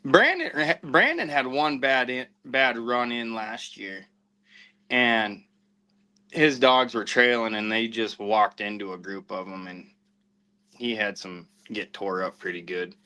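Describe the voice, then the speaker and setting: Man, podcast host type, animated storyteller with a bright forceful tone, quotes people as he goes. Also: medium pitch, slow pace, clean tone, poor audio. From southwestern United States. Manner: animated anecdote-telling with acted-out quotes. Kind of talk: casual storytelling.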